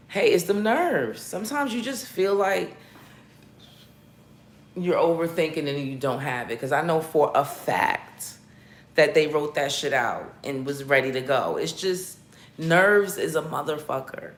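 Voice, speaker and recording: A woman's voice: low voice, a bit bright, a little hiss or hum. A woman hosting a casual livestream, chatting with her viewers in a blunt, profane and playful way. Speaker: livestream host talking battle rap. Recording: roomy echoey room.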